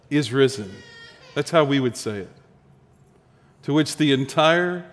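A male pastor preaching a sermon, telling a story with rising emphasis and then dropping soft and low. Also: in a large hall.

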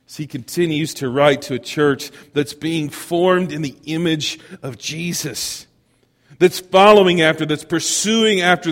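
Animated preacher in a reverberant hall. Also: male voice, a little high. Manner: animated, chuckling asides, asks the congregation questions. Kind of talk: storytelling sermon. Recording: long reverb of a large hall.

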